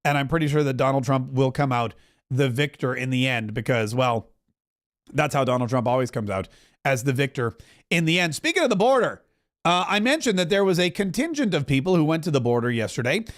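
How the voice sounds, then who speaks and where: A man hosting a political talk show, giving opinionated, animated commentary and mockingly acting out the words of others. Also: mid-range voice. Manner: animated, mocking, does quick voices for others.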